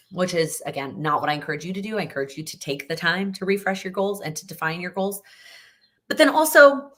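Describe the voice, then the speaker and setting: A woman's voice: low-pitched, a bit bright. A young woman hosting a live Q&A, chatting casually and giving encouraging advice, often restarting her sentences. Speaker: host answering viewer questions.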